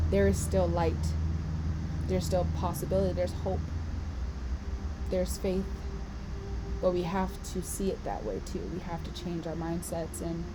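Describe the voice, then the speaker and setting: A woman's voice: lowish voice, background noise. A woman giving a passionate, emotional motivational talk, holding back tears and swearing for emphasis. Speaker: vlogger and tour organizer.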